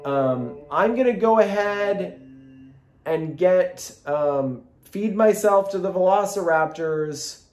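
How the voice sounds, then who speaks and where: A man's voice: high-pitched, animated, slow, darkish tone. A man vlogging about theme park rides in casual, self-mocking group chat. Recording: roomy echo.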